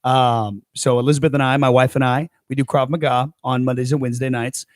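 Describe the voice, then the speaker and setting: A man's voice: mid-range voice, fairly even intonation, a little fast, no room sound, clean studio sound. A young adult man co-hosting a podcast, telling a rambling story full of restarts and fillers. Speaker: podcast co-host, coach. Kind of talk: casual chat.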